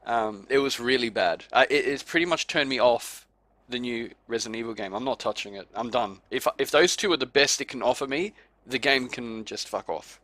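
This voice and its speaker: A man's voice: medium pitch, fairly quick, sharp tone. A man hosting a casual gaming podcast, swearing freely and acting out his friends' reactions as he tells a story. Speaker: podcast host. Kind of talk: casual chat.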